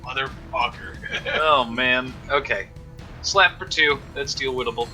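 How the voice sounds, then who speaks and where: Bright-voiced man cursing at his dice. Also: mid-range voice, faint music behind, low-quality recording. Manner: exclaims and curses at bad rolls, quick asides. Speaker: player. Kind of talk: casual tabletop game play over an online call.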